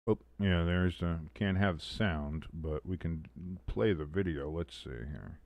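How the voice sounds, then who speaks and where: Excitable man calling football live. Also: sits low, slow pace, no room sound, muffled recording. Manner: excitable, swears, calls plays then mutters asides. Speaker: host of a live sports watch-along stream. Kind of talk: casual live play-by-play commentary.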